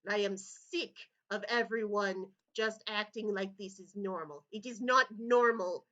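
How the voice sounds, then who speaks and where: A woman's voice: mid-range voice, a little slow, bright, forceful tone. A woman voicing Mikhail, a bitter, irritable man turned into a toon, who scolds in stiff, formal speech without contractions. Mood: resentful anger. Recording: slightly dull lo-fi audio.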